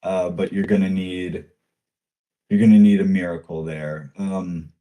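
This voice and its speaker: A man running a tabletop role-playing game as game master, describing scenes in a relaxed, halting way with many fillers. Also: low voice.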